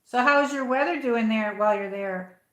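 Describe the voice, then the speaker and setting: A woman's voice: a little high, moderate pace. A woman hosting a casual livestream from home, rambling and chatty as she greets viewers by name. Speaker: livestream host. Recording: echoey room.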